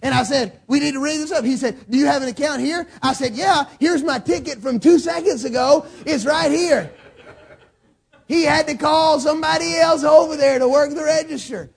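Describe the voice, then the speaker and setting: A male pastor preaching a sermon, telling folksy stories and rising to shouts. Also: very high-pitched, normal speed, creaky.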